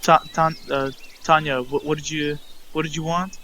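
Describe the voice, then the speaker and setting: A man doing a hurried friendly barmaid. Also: on the high side, little pitch movement, bright, forceful tone, slight background noise. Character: busy, friendly tavern barmaid woman.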